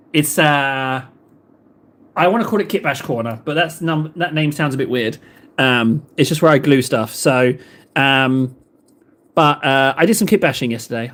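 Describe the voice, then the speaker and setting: Rambling English man, lively pitch swings. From England. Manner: rambling, rhetorical questions, playful. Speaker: livestream host painting miniatures. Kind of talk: casual chat with viewers.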